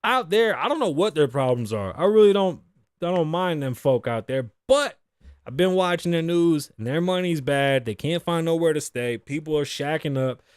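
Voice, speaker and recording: A man in his thirties riffs through the day's stories on his own podcast, swearing freely and wandering off on tangents. His voice sits fairly high and swings widely in pitch. The sound is dry and close, with no room around it. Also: normal speed, clear, resonant tone, dry recording. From Puerto Rican background. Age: 30s. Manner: profane, animated, rambling. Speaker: podcast host. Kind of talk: solo casual podcast rant.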